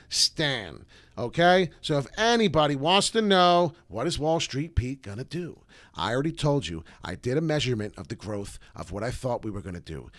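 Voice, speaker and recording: A man's voice: fairly high pitch, no echo. Hyped, swearing man on a live stream. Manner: loud, hyped and profane, jumps between topics. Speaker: crypto video host. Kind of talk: live-stream chat with viewers.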